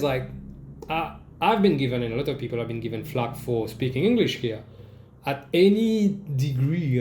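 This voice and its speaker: Animated Mauritian man in an echoey room. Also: medium pitch, a little hiss or hum. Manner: animated, sarcastic, swears freely. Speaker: vlogger. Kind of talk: casual comedic commentary.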